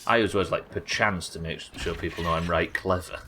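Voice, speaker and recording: A man's voice: low voice, steady tone, fairly quick, bright, forceful tone, a little hiss or hum. An English man casually commentating a live game stream, wry and sweary, bantering with his viewers as he plays. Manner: wry, sweary, chatting to viewers while playing.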